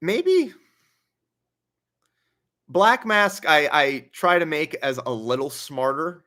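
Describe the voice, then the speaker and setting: Young guy chatting on a livestream, bright forceful voice, a bit high, reads out donations. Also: very animated, slow. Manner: chatty, reads donations aloud, laughs while telling stories. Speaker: livestream host. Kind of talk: casual livestream Q&A.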